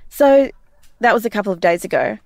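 A woman's voice: medium pitch, brisk, no room sound. A woman co-hosts a chatty podcast, telling anecdotes with lots of energy and acting out other people's lines. Her voice sounds dry and close, with no room around it. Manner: animated storyteller, acts out quotes. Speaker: podcast co-host. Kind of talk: casual chat.

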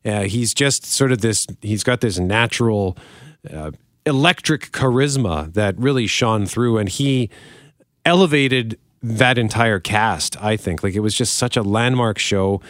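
A man's voice: fairly low pitch, measured pace, dry recording, studio quality. A man in his forties co-hosting an entertainment podcast, talking casually and easily with fillers and restarts. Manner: relaxed, chatty, with fillers. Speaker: podcast co-host.

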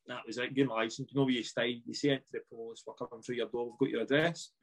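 A man's voice: mid-range voice, fast. Scottish man telling a wild story. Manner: animated, laughing, swearing, acts out dialogue. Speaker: podcast guest, former footballer. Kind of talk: casual chat, storytelling.

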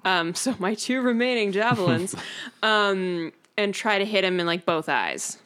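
A woman's voice: mid-range voice, lively intonation, measured pace, fairly bright tone, smooth. A woman playing a tabletop fantasy game, casual, swearing and laughing with the group. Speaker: player.

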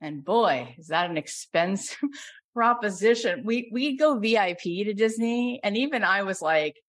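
A middle-aged woman coach hosting a call and pitching her program, effusive and growing loud and emphatic. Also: animated, a little slow.

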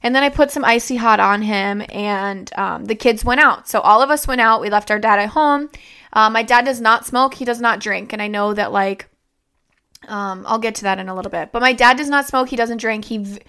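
A woman's voice: fairly high pitch, a little fast, sharp tone, clean tone. A young woman vlogger telling a personal story in a rambling, conversational way, full of fillers and restarts.

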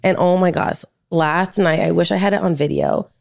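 A woman's voice: fairly low pitch, moderate pace, vocal fry, darkish tone, no room sound, studio quality. A woman in her thirties co-hosting a podcast, chatting casually and gushing about her son, with lots of "like" fillers. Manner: gushing, talks with many "like" fillers. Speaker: podcast co-host. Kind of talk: casual chat.

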